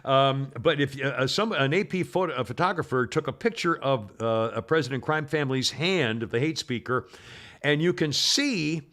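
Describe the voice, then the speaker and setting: A man hosting a podcast, chatting about the news in a rambling, halting way with frequent laughs. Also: medium pitch, expressive, a bit bright. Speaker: podcast host. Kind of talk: casual political chat.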